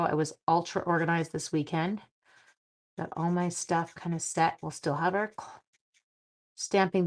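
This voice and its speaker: A middle-aged woman from Canada chatting with viewers while she makes cards on a live stream, thinking aloud as she works. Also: on the low side. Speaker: card-making live streamer. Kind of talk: live craft stream chat.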